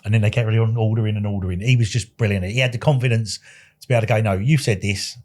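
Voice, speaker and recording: Man, podcast guest, quick talker, animated storyteller. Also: fairly low pitch. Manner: animated, acts out dialogue, swears. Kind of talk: casual storytelling chat.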